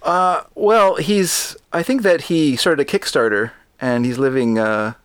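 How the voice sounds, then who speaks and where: A man's voice: on the high side, measured pace, a bit bright, clear, resonant tone, dry recording. A Canadian man with a Vancouver accent, chatting casually as a podcast co-host, often laughing and trailing off mid-sentence. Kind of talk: casual chat.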